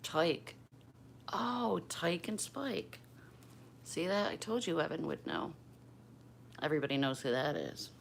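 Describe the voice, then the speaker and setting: A woman's voice: deep voice, lively intonation, unhurried, creaky, pauses often, slight background noise. An older woman from Pennsylvania hosting a casual livestream at home, chatting with viewers by name and keeping her voice down. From Bristol, Pennsylvania. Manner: keeps her voice down. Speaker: livestream host. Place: home room.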